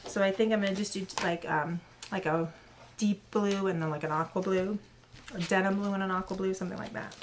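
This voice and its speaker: A woman runs her own cross-stitch channel and shows off her newest patterns in a casual, rambling show-and-tell packed with fillers and self-corrections. Her medium-pitched voice is steady and brisk, with slight background noise.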